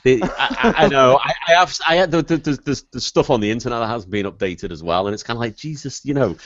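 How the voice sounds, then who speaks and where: A man's voice: medium pitch, animated, a bit bright, no room sound. A man chatting casually as a podcast co-host, often repeating words as he searches for what to say. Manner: halting, repeats words while searching for them. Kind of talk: casual chat. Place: lives within driving distance of Bolton, England. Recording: dull, dry lo-fi podcast audio.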